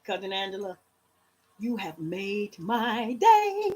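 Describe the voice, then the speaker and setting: A woman's voice: mid-range voice, moderate pace, breathy edge. A woman in her fifties from Louisiana with a Southern accent, chatting casually to her viewers on a home livestream. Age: 50s. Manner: animated, talks straight to viewers as "y'all". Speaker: livestream vlogger.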